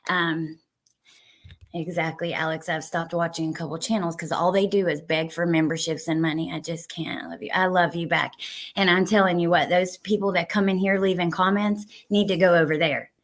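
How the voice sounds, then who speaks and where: A woman hosting a casual live stream, reading viewer comments aloud. She swears heatedly at people in her chat and then thanks her chatters warmly. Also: on the low side, steady tone, moderate pace.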